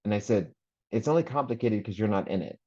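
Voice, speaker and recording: Male panel guest, lively storyteller who laughs easily, muffled lo-fi sound. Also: fairly low pitch, fast talker. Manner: animated storyteller, acts out family quotes, laughs often. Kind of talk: casual group chat. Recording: muffled lo-fi audio.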